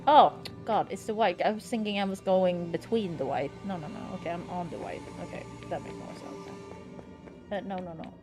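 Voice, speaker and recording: A woman's voice: fairly low pitch, normal speed, over music. Jumpy woman streaming a game. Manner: excitable, jumpy, swearing when startled. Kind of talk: casual let's-play commentary.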